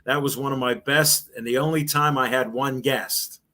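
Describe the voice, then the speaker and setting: In a relaxed interview, a former sports radio host, now older, wanders through anecdotes and imitates the people he quotes. He speaks at a moderate pace with medium pitch, fairly even intonation, and a sharp tone.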